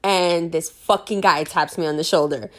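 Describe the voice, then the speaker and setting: Laughing often and full of fillers and curse words, a young woman from New York City animatedly tells a story in casual conversation. She speaks at a moderate pace in a fairly low pitch.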